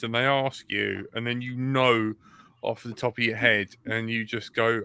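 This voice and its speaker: Male co-host, bright smooth voice, sweary ranting, dry close mic. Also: medium pitch, measured pace, no echo. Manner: sweary, ranting, self-mocking. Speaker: podcast co-host. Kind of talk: casual chat.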